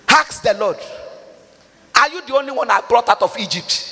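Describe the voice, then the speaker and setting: Preacher guy, really high bright voice, pleading and half singing his prayers, long echo. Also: expressive, normal speed, vocal fry, long pauses, slightly rough. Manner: fervent, pleading, cries out and half-sings prayers. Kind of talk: impassioned sermon with Bible reading.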